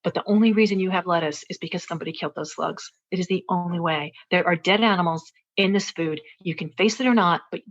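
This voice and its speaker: With a lowish voice and a quick pace with few pauses, this woman in her forties recounts a personal story as a podcast guest. She is earnest and reflective, often restarting sentences, and the sound is lo-fi.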